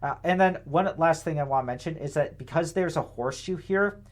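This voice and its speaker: Sarcastic, rambling young man, fairly high voice. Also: brisk. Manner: rambling, filler-heavy, many tag questions; sarcastic, indignant. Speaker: political commentator. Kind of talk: casual commentary monologue.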